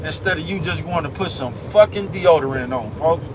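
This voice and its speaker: A man's voice: on the high side, moderate pace, noisy background. Streetwise man ranting outdoors. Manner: streetwise slang, repeats "you know what I'm talking about". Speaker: vlogger. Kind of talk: casual rant to camera.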